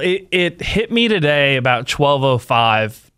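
Playful guy from northern california, kinda high voice, laughs a lot, radio host chatting. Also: very animated, sharp tone, smooth. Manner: joking, quick to laugh. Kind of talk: casual chat.

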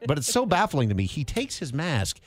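Radio guy doing a quiz in the studio, teasing, pitch jumps around a lot. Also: brisk, no room sound. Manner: lively, teasing quizmaster. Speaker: radio host. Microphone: studio microphone.

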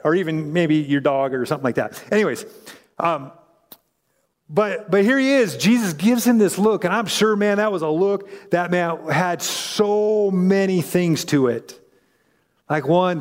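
This pastor, an adult parent, has a high, expressive voice and speaks a little slowly, with a long reverb tail behind him. He preaches conversationally, performing the quoted voices in the story he relates.

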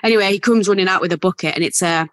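Woman from England, guest actor; animated, rambling storyteller, dry mic. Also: medium pitch, very fast, dry recording. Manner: animated storyteller, many fillers and restarts. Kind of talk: casual interview chat.

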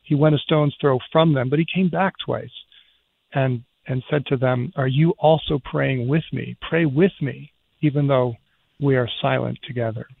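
Gravelly priest guy talking slow and earnest, sounds like he's on a phone line. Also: medium pitch, fairly even intonation. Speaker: priest guest. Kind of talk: radio talk.

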